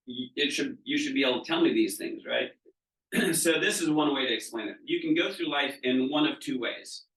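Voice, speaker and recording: A man's voice: medium pitch, a bit bright. A man leads a training session as a business coach, speaking conversationally and often checking whether the room is following. His voice sits in a middle range. He is picked up from some distance in an echoey seminar room. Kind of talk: live training talk to a group. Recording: roomy room, mic at a distance.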